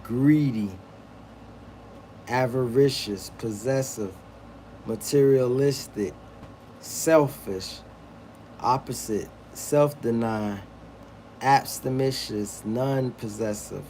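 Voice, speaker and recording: Slow-reading man on a livestream. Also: mid-range voice, darkish tone, a little hiss or hum. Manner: slow, deliberate reading with casual asides and stumbles on words. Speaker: livestream host. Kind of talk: reading synonyms aloud on a livestream.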